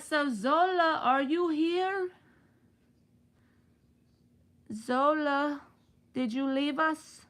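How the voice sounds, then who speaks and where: A woman's voice: mid-range voice, gravelly. A woman hosting a live tarot reading, talking in a chatty, reassuring way with playful slang.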